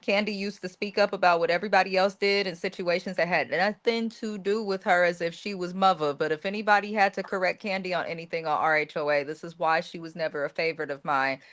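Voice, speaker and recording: A woman's voice: lowish voice, brisk, hardly any pauses, a bit bright. A woman giving blunt, opinionated commentary about a reality TV star in casual chat.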